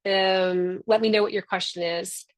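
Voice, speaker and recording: A woman's voice: mid-range voice, fairly even intonation, unhurried. A woman, the founder hosting a membership session, talking in a chatty, upbeat and encouraging way over a video call. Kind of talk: casual webinar talk.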